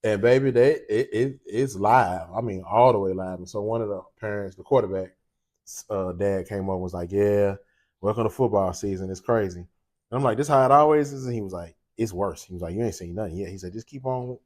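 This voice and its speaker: Laid-back storytelling man, lower voice. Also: a little fast. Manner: animated, laughing, voices quoted people. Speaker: cooking show host. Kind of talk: casual storytelling.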